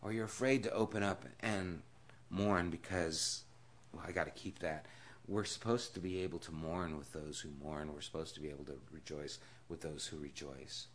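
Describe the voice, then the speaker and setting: A man's voice: fairly even intonation, normal speed, a little hiss or hum. Man preaching in a conversational sermon. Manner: storytelling, swinging from hushed and low to loud and emphatic. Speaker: pastor. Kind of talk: conversational Bible-study sermon.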